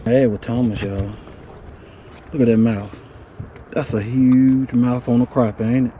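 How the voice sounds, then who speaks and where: A man giving lively, excited commentary while fishing from a boat and talking to the fish. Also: medium pitch, measured pace. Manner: lively, talks to the fish and viewers. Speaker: fishing vlogger. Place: outdoors on the water, in a boat. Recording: noisy outdoor phone recording.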